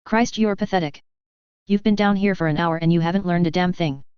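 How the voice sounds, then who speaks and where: A woman's voice: fairly low pitch, a little fast, clear, resonant tone, no echo, lo-fi sound, close to an everyday voice. A woman voicing a laid-back, sarcastic male shock trooper with a casual, easygoing manner in a story reading.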